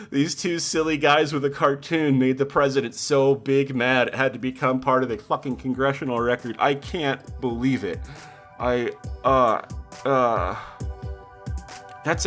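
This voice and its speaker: A man co-hosting a podcast in casual chat, laughing often and talking with animated, swearing outbursts. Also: medium pitch, a little slow, soft background music. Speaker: podcast co-host.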